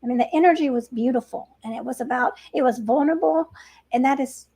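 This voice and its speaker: A woman hosting an interview, talking in an affirming, encouraging way with gentle laughs. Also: high-pitched, quick pace, creaky, breathy edge. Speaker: podcast host. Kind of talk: conversational interview.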